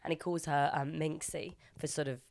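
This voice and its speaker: A woman with a low, deep speaking voice co-hosts a casual podcast chat. She talks loosely and laughs often. She breaks into playful put-on voices when she quotes characters. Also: steady tone, normal speed, gravelly, a little mellow. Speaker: podcast co-host. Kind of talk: casual chat recapping a TV episode.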